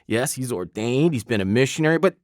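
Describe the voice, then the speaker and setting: A man's voice: mid-range voice, a little fast, no room sound, studio quality. A man of fifty co-hosting a podcast in casual chat, joking and telling stories. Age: 50s. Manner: animated, joking storyteller. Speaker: podcast co-host.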